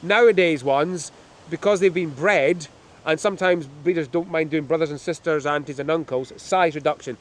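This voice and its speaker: A man's voice: on the high side, normal speed. A middle-aged man, a falconer, showing birds of prey outdoors on a windy hilltop, telling chatty, joking anecdotes. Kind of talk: hands-on demonstration with storytelling.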